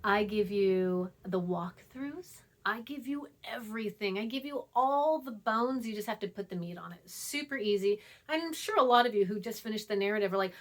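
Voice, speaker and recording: A woman college writing instructor records an online lecture with an expressive, medium-pitched voice, moving at a moderate pace with few pauses. Her style is chatty and emphatic, full of repetition and hushed asides.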